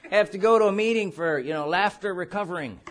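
A man preaching a charismatic sermon at a church service, laughing through his words in an animated, playful way. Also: sits high, quick pace, slight background noise.

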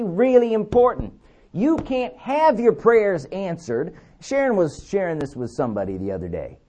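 A man preaching a sermon, emphatic, repeating key words and slowing down to read scripture. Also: high voice, mellow.

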